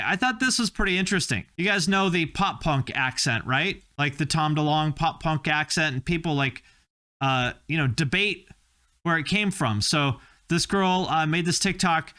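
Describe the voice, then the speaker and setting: Bright, high-voiced wry male host. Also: expressive, normal speed. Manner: opinionated, wry, self-mocking. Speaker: host reacting to video clips. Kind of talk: casual reaction commentary.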